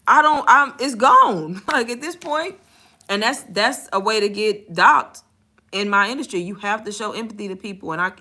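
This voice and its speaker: A young woman with a fairly high pitch and sharp tone talks candidly in a casual storytime vlog. She is a content creator and bank call center agent, blunt and slangy, and laughs often while speaking.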